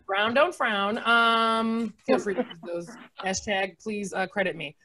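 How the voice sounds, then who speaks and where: A woman in her forties doing a sarcastic, animated stand-up comedy set, laughing often between jokes. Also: mid-range voice, unhurried, slight background noise. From United States. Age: 40s.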